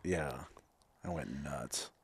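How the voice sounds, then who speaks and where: With a very deep, husky voice, this clinical counselor in his thirties speaks slowly while hosting a candid talk. He comes across as reflective, full of fillers and restarts.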